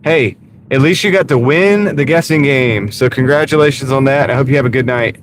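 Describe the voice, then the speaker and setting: Man, mid-pitched, easygoing live-stream chatter from a moving car, clear road hum behind. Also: brisk. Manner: laid-back, answers chat by name, mutters over order offers. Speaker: delivery driver streaming live. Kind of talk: casual live-stream chat. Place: inside a car while driving. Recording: steady car road noise. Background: car engine and road noise.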